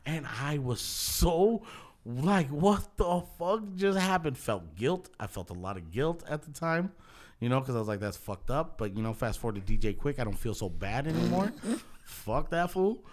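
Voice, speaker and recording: A man's voice: mid-range voice, very animated, moderate pace. Profane laughing man storyteller. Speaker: podcast host. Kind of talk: casual storytelling.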